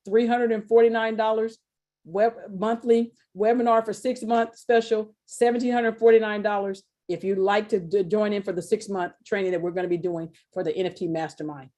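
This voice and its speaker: A middle-aged woman runs a casual sales webinar with a mellow, relaxed voice. She talks in a chatty, colloquial way and slips into little acted-out quotes of other people. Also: mid-range voice. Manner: chatty and animated, acts out quoted voices, laughs often; informal, colloquial phrasing. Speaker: webinar presenter selling an NFT course.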